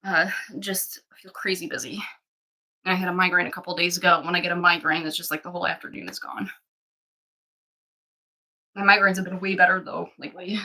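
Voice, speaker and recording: Bright-voiced woman chatting casually. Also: level tone, a little fast, pauses often, rough recording. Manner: chatty, swings into high baby talk with the puppies. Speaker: dog breeder streaming puppies. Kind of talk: casual livestream chat.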